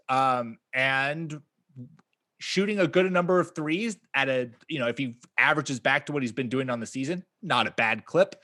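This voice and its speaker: Lively bright-voiced man chatting stats. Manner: animated, laughing, profane, jumps up in pitch when stressing stats. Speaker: podcast co-host. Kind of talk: casual fantasy sports chat.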